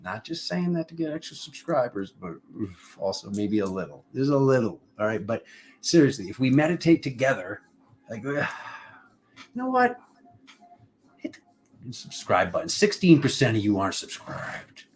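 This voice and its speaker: A man's voice: medium pitch, expressive, normal speed, slight background noise. A man giving a casual tarot reading to camera, rambling and playful, with asides to people off camera. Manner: invokes cosmic forces in an incantatory tone. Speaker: tarot reader.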